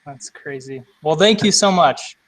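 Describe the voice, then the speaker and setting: A man's voice: a little high, animated, measured pace, a little hiss or hum, rough recording. A man asking interview questions in a casual, easygoing way and agreeing readily. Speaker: student interviewer.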